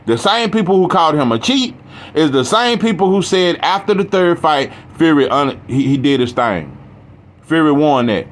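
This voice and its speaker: A man's voice: a little high, very animated, normal speed. A man talking boxing in a casual, heated, profane rant, rambling with restarts. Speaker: boxing commentator.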